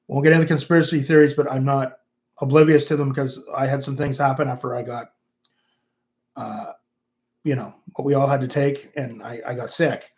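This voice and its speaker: This YouTube host, a Canadian in his fifties, chats rambling and casual on a livestream while reading viewers' comments out. His mid-range voice has a darkish tone, fairly even intonation, and a fairly quick pace, with the highs cut off.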